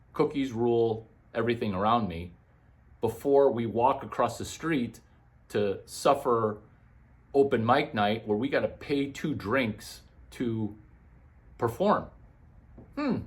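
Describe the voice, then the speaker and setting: A man, a comedian, talking through numbered business tips in a jumpy monologue full of quick asides and sudden leaps in pitch. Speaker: comedian giving business advice.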